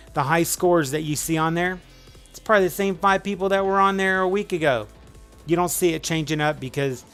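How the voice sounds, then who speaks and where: A man's voice: fairly high pitch, fairly bright tone. A middle-aged man hosting a casual live trivia stream, rambling and upbeat as he greets viewers by name.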